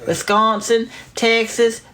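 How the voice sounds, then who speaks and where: Woman co-host, high voice, steady list-reading, casual. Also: slow. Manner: reels off place names in a steady list. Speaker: co-host of a live stream. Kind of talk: casual chat, reading out viewer locations.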